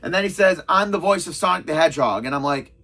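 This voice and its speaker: A man's voice: on the high side, lively intonation, fast, pushed and bright. Rambling man telling a story. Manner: rambling, with restarts and quoted exchanges. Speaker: vlogger telling a convention story. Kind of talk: casual storytelling.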